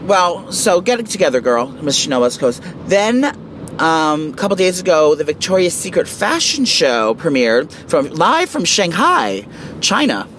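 A man co-hosting a casual celebrity gossip chat, animated, catty and quick with opinions. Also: a little high, slight background noise. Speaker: co-host.

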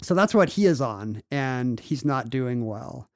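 A man's voice: medium pitch, animated, measured pace, no room sound, studio quality. A man co-hosting a podcast, retelling a history story with wry jokes in casual chat. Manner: wry storyteller, puts on silly voices for quotes. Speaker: podcast co-host.

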